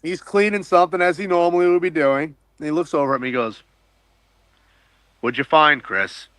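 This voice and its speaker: Excitable male diver telling a story. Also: sits high, quick pace, no echo. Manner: excitable, swears casually, acts out his own quotes. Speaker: wreck diver guest. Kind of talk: animated storytelling.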